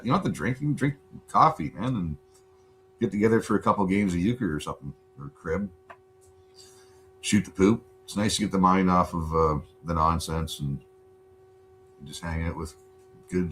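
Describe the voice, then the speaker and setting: A man hosting a casual livestream from home, rambling and swearing a lot in relaxed chat. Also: deep voice, slight background noise. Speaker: livestream host.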